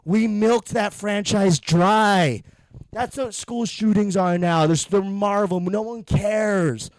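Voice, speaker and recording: A man's voice: high-pitched, slow pace. A young man hosting a podcast, delivering a blunt, profane, rambling comedic monologue. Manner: rambling with frequent restarts. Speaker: podcast host.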